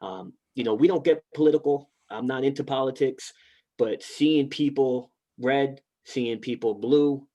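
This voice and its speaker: A male podcast co-host in easy banter with his partner. His voice sits at a middle pitch and he rattles along in fast, animated bursts, the practiced push of a phone salesman. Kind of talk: casual podcast chat.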